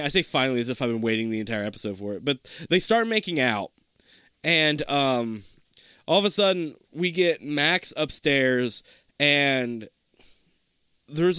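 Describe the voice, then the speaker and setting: A man co-hosting a podcast, casually recapping a TV episode in an animated way and acting out the characters' lines. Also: fairly high pitch, clean tone, no room sound, studio quality. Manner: animated, acts out characters' lines in quick voices. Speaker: podcast co-host.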